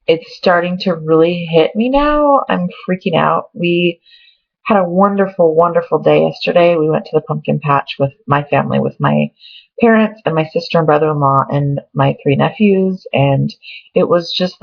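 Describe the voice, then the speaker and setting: A woman's voice: low-pitched, moderate pace, vocal fry. A young woman from Oregon giving a casual pregnancy update, chatty and emotional, close to tears. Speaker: vlogger. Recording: dull lo-fi home webcam audio.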